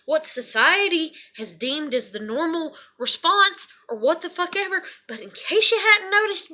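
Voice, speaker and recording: A woman's voice: extremely high pitch, lively intonation, unhurried, few pauses, bright, forceful tone. A woman, venting to camera in a profane, repetitive rant. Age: adult parent. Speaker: vlogger. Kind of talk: emotional venting monologue.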